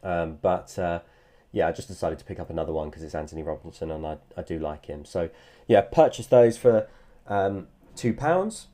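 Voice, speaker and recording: Man, slightly low voice, chatty collector vlogger, loose and rambling delivery. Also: lively intonation, normal speed, mellow. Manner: rambling, repeats words, hesitant fillers. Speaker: sports card collector vlogger. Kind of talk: casual chat.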